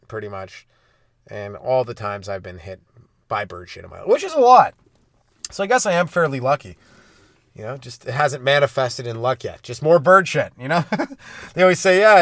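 A man's voice: medium pitch, a bit bright, no echo. Rambling sarcastic young man, dry close sound. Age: young adult. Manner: rambling, sarcastic, self-mocking, swears freely. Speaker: comedy podcast host. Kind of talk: solo comedic rant. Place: parked car.

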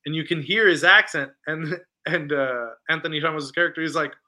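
Male podcast co-host, sharp bright tone, slightly high-pitched, animated storyteller. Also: fairly quick. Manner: animated retelling, acts out lines from scenes; conversational with many fillers. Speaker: podcast co-host reviewing films. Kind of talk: casual chat.

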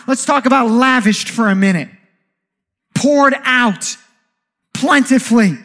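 A man preaching a sermon as pastor, animated, with jokey asides and rhetorical questions. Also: very high-pitched, measured pace, long pauses.

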